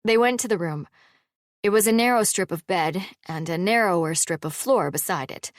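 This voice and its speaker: A woman narrating a fantasy audiobook in a calm, even storytelling manner. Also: on the low side, no room sound, clean studio sound.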